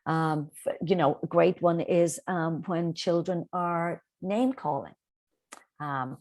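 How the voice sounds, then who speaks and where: A middle-aged woman, a Montessori teacher, calmly explaining parenting tips over a video call, with frequent ums. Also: fairly low pitch, slow. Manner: calm, explanatory, with frequent ums and quoted child dialogue. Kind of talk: online parenting talk.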